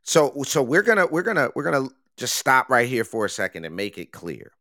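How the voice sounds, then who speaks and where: A male talk show host with a mid-pitched voice explains civic procedure in a firm, lecturing tone. The sound is close and dry, with no room in it. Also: very animated, fairly quick, bright, forceful tone, no room sound. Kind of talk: political commentary chat.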